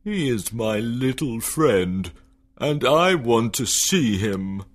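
A woman voicing a big, kind, lonely male giant who grows old, in a storybook reading for English learners, speaking slowly and deeply. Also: sing-song, husky, heavily acted. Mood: longing. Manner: slow, deep, booming.

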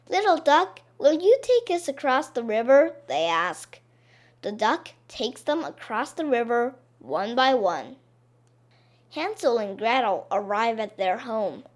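Woman reading a fairy tale slow and clear, voice goes up and down a lot. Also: a little high. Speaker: storyteller. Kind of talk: slow storybook narration for learners.

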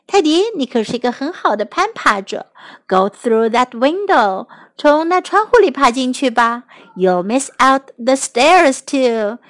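A woman's voice: high-pitched, sing-song, a little slow, fairly bright tone, full character voice. A woman voicing a cheerful little robot toy dog, confident and reassuring.

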